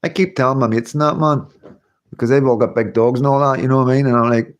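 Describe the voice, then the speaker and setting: Talking fast in a mid-range voice with fairly even intonation, a middle-aged livestream host with a Scottish accent reads viewer comments aloud. His chatter is loose and rambling, packed with fillers, asides and frequent laughs.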